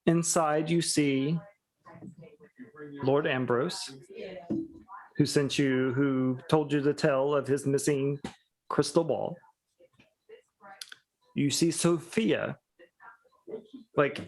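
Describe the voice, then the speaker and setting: A man narrating a tabletop game as game master, in halting, improvised speech. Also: fairly high pitch, darkish tone, low-quality recording.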